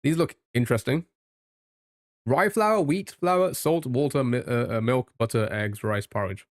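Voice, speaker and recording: A man with a mid-pitched voice chatting casually on a live stream. He thinks out loud as he guesses and jokes with his viewers, and his voice sounds close and dry with no room around it. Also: a little slow, no echo. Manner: thinks aloud while guessing, chatty and joking with chat.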